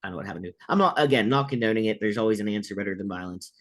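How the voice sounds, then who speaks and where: A man's voice: lowish voice, very fast. A man co-hosting a casual sports talk show, reading news items and rambling with lots of "like". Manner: rambling, filler-heavy, lots of "like". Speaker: co-host.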